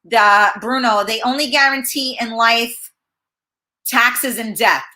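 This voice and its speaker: A woman hosts a casual live-stream talk show, reading viewer comments aloud and answering them hesitantly with plenty of fillers. She's chatty, with a bright, forceful voice on the high side, and she speaks slowly.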